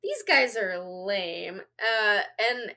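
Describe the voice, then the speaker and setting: A woman's voice: mid-range voice, very animated, extremely slow, sharp tone. A woman co-hosting a podcast in casual chat, laughing often between her remarks. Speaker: podcast co-host. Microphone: home podcast microphone.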